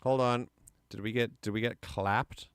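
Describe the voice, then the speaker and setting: A man's voice: medium pitch, steady tone, unhurried, smooth, dry recording. A man streaming live, chatting casually and enthusiastically, often rambling and correcting himself mid-sentence.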